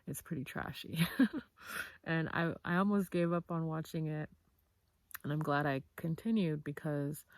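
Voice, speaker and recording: Woman, casual vlog commentary, candid and chatty, gravelly, dry close mic. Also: sits low, no echo. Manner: candid, chatty, frequent fillers, swearing. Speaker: vlogger.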